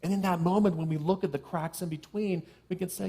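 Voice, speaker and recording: A middle-aged man, a minister, giving a sermon to a live congregation, with playful self-deprecating asides and a soft hush on key phrases. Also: high-pitched, steady tone, fairly quick, gravelly, breathy edge. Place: church sanctuary with live congregation.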